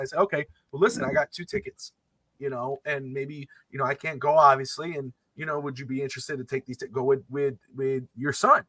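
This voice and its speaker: A man's voice: medium pitch, a little fast, no room sound. A young man co-hosting a podcast, telling a long story in casual chat and acting out the people in it. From Miami area. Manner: animated storyteller acting out both sides of conversations. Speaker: podcast co-host.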